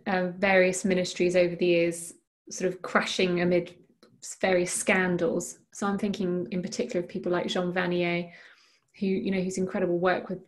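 A woman interviewer putting careful, measured questions to a guest. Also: fairly low pitch. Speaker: magazine interviewer.

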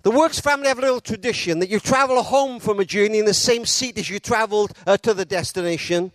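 In a notably high voice, a male preacher gives a sermon, pausing dramatically as he tells his story and voicing quotes with feeling. No room echo; the sound is dry.

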